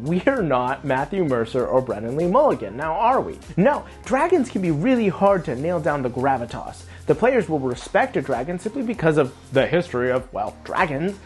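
A woman's voice: sits low, a little mellow. A woman hosting a channel about tabletop games, giving advice in an emphatic, conversational way and talking straight to her viewers. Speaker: host. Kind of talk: tabletop game advice talk.

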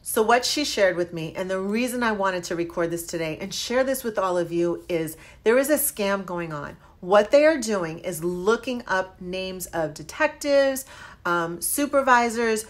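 A woman realtor telling viewers about a scam call in a casual, earnest vlog, animated as she warns them. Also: medium pitch, a little slow.

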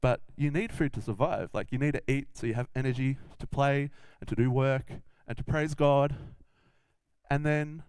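A young adult man tells a Bible story to children in a relaxed, chatty way. His voice sits mid-range and sounds dry and close to the mic. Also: mid-range voice, moderate pace, clean tone, no echo. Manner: casual, chatty storytelling to kids. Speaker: children's minister.

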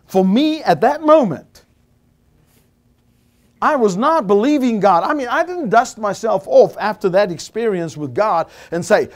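A South African man preaching a storytelling sermon to a Bible college audience, animated and rising to shouts at the high points. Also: moderate pace.

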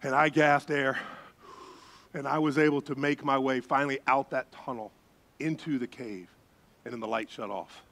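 A middle-aged man preaching as a pastor, telling a story with lively voices and gasps. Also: medium pitch, moderate pace. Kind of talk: sermon storytelling.

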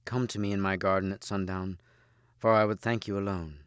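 A man reading as a soft-spoken lovesick queen. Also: low voice, fairly even intonation, a little fast, clear, resonant tone, no room sound, studio quality, close to an everyday voice. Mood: secretive. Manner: soft, tender, hushed.

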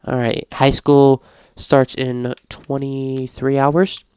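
A man talks through a life-sim game in casual let's-play commentary, narrating what his characters do and reading prompts aloud. His voice is smooth and clear, at a middle pitch, recorded dry and close to the mic. He swings easily into loud, exasperated outbursts. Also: level tone, slow pace, dry recording. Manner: reads game prompts aloud, grows frantic and shouty. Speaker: gaming YouTuber.

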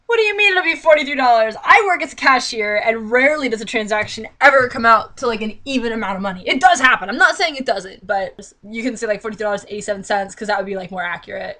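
A woman's voice: a little high, a little fast, fairly bright tone. A young woman reading a novel aloud and breaking off into sarcastic, exasperated commentary. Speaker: vlogger.

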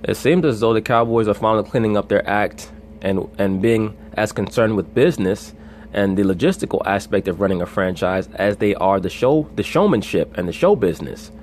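A man with a fairly low voice delivers opinionated, profane football commentary in a casual vlog. He talks bluntly and with confidence. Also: a little fast, darkish tone, a little hiss or hum. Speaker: sports commentary vlogger.

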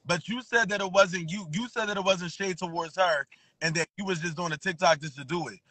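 Man, high bright voice, a little tipsy, prodding live stream host. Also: fairly quick, no echo, rough recording. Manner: prodding, keeps steering the talk. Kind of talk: casual chat on a live stream.

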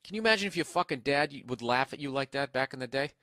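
A man's voice: medium pitch, animated, quick pace, sharp tone, slight background noise. A man hosting a solo comedic podcast from a hotel room on a single microphone, ranting with heavy profanity and sarcasm. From United States. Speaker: podcast host. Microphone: single microphone, no headphones.

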